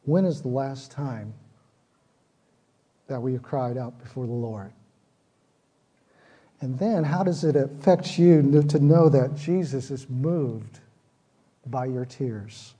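A man's voice: mid-range voice, slow pace, pauses often, dark tone, breathy edge. A man preaching a sermon, earnest, with repeated phrases that build in intensity. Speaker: pastor.

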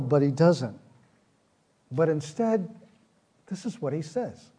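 Mellow-voiced man preaching a sermon. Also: on the high side, lively intonation, a little slow, pauses often, slightly rough. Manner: earnest, repetitive phrasing, rises in intensity. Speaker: pastor.

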